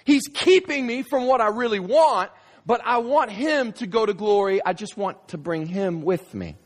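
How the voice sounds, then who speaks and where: A man's voice: sits high, expressive, moderate pace, voice pushed up. A man voicing an anxious man who clings to his sin, in a whiny, protesting voice.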